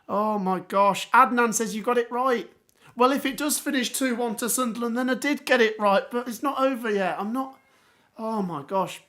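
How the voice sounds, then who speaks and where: A man hosting a live football watchalong, hoarse with his voice going, reacting in excited exclamations. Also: very high-pitched, normal speed. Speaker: livestream watchalong host.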